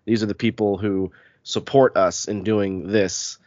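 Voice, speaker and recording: A man's voice: fairly low pitch, fairly even intonation, a little mellow, dry recording, lo-fi sound. A man hosting a casual podcast chat, sounding congested from a cold, talkative and self-deprecating. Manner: chatty, self-deprecating, quick asides. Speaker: podcast host.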